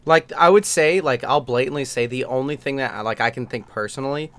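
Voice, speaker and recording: A man's voice: medium pitch, brisk, fairly bright tone. A young man co-hosting a casual podcast chat, rambling and swearing with lots of fillers. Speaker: podcast co-host.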